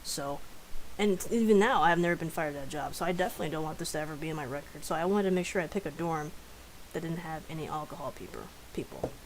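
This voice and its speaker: A woman's voice: low voice, fast talker, a little hiss or hum, poor audio. A young woman telling stories casually on a live stream, chatty and profane, laughing often.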